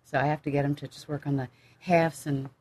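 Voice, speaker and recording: Chatty low-voiced Maryland woman. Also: a little fast. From Maryland, USA. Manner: chatty and animated, breaks into playful voices. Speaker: voiceover coach and guest. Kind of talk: casual chat. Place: home recording booth with others and dogs present.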